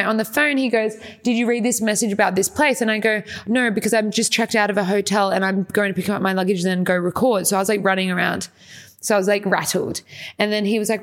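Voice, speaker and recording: A woman's voice: mid-range voice, a bit bright. A young woman co-hosting a podcast, telling a long story in a rambling, casual way, full of "like" and swearing. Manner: rambling, swears often, lots of "like". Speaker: podcast co-host.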